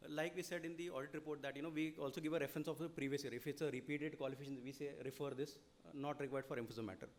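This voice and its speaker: A man's voice: on the high side, fairly even intonation. A man with an Indian English accent giving a seminar lecture, explaining at length and checking in with "okay?". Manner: rapid, explanatory, frequent "you know" and "okay?". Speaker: lecturer on audit reporting.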